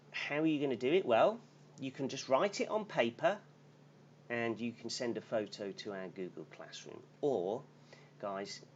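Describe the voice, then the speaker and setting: A man's voice: lowish voice, muffled recording, slight background noise. A man teaching an English lesson on a live stream, often checking in with his class by asking "okay?" and "yeah?".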